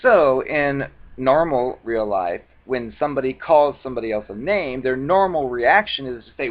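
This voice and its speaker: Speaking expressively at normal speed with hardly any pauses, a mid-range-voiced advice vlogger delivers a casual talking-head monologue. He's conversational and acts out the retorts he quotes, captured in a dull lo-fi recording.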